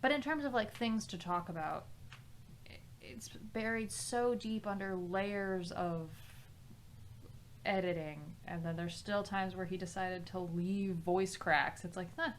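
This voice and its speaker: A woman's voice: medium pitch, slow, slight background noise. A woman chatting casually on a music podcast, giving blunt, exasperated criticism with lots of filler "like". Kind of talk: casual music commentary chat.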